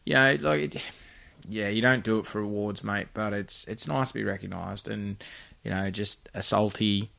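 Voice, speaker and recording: Gravelly Australian podcast host. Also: male voice, on the low side, steady tone, moderate pace, hardly any pauses, sharp tone. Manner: easygoing, lots of "mate". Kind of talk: casual interview.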